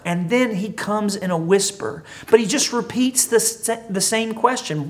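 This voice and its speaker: Sounding more like he's talking with his congregation than lecturing, a pastor jokes his way through an old story and then ties it to daily life. His voice is a bit higher than the average man's, and he speaks slightly slowly with hardly any pauses.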